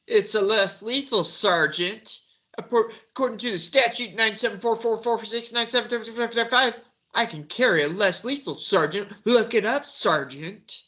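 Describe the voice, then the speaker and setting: A man's voice: high voice, moderate pace, pushed and bright, pitched above the performer's own voice. A man putting on a whiny, condescending voice, mocking someone who keeps repeating a rank and citing statutes. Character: mocking impression of a smug man arguing with police.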